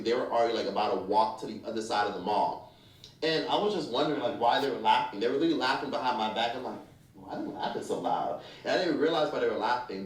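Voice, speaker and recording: A man's voice: mid-range voice, distant mic. Man, commentary YouTuber, frank and foul-mouthed storyteller, echoey room, set back from the mic. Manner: candid, profane and blunt.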